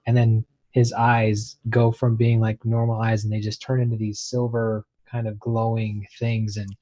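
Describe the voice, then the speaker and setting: A man's voice: lowish voice, completely flat delivery, normal speed, mellow. A man playing a tabletop game, describing his character's moves loosely and often laughing. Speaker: player. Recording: muffled lo-fi mic.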